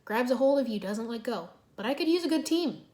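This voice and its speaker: A woman puts on a gruff, working-class foreman in a storybook reading. He drawls in a folksy way, with a voice a bit high for a man. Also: expressive, a little fast, darkish tone, natural voice.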